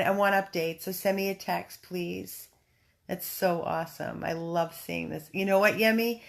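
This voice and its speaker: A woman's voice: lowish voice, vocal fry. A woman hosting a casual livestream from home on her phone, reading viewer comments and chatting in an effusive way, full of ums and restarts. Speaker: dog rescue volunteer hosting a livestream.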